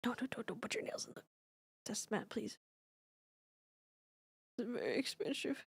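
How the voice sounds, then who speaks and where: A woman's voice: fairly high pitch, big pitch swings, normal speed, gravelly, slightly rough, no echo. A woman streamer chatting casually from her home recording setup, talking affectionately to her cat in baby talk and swearing now and then. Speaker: streamer and singer. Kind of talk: casual live-stream chat.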